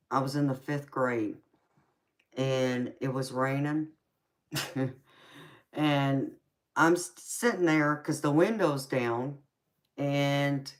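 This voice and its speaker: A woman with a Southern US accent in casual live chat as a tarot reader, laughing often and calling listeners "baby". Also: extremely low pitch. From United States.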